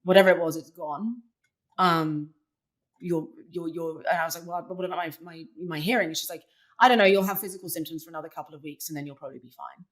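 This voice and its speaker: Chatty woman telling a story, low voice. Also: fast talker. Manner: chatty, many "like" fillers, animated retelling. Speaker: interview guest, poker player. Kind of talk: casual storytelling in conversation.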